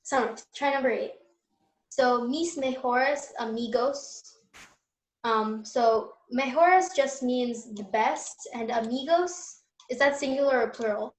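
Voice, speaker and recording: A woman's voice: fairly high pitch, slow pace, reverberant, low-quality recording. Patient young woman teaching Spanish. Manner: patient, explains step by step with fillers. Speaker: Spanish tutor. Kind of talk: online class teaching.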